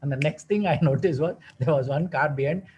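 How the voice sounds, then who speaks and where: A man's voice: a little high, a little fast, darkish tone, husky, rough recording. A man giving a wellness talk as a naturopathic doctor, mixing teaching with a personal story and asking his listeners many rhetorical questions. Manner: asks rhetorical questions, repeats words for stress.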